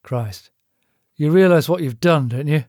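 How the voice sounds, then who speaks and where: A man voicing a worried middle-aged male butcher, gruff and exasperated. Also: a little high, unhurried, darkish tone, dry recording, studio quality, close to an everyday voice. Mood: tense.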